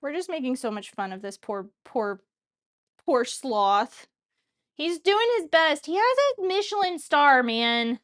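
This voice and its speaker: A young woman with a high, bright-pitched voice chats her way through cooking in her home kitchen. She rambles, jokes about herself and keeps up casual banter with her viewers as she works. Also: lively intonation, unhurried. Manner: chatty, self-mocking, talks while cooking. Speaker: cooking show host.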